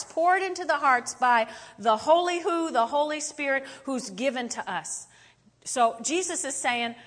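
A middle-aged woman pastor giving a chatty, animated sermon that swings up to loud exclamations. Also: high voice, moderate pace, big-room sound.

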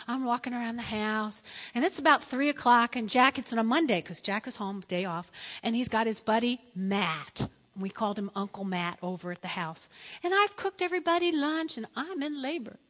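A middle-aged woman preacher telling a story in a lively, dramatic sermon, acting out the voices in it. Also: on the high side, big-room sound. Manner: lively, dramatic, acts out quotes.

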